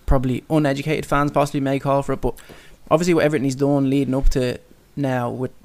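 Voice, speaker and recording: A man co-hosting a sports podcast, giving a measured take that he thinks through aloud, clearing his throat now and then. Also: mid-range voice, flat delivery, darkish tone. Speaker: podcast co-host. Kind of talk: casual sports podcast chat.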